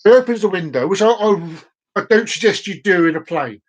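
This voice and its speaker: Male streamer with a high voice, rambling and repetitive, stumbles over words, relaxed solo live chat. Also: fairly quick, rough recording. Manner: rambling, repeats phrases, trips over words.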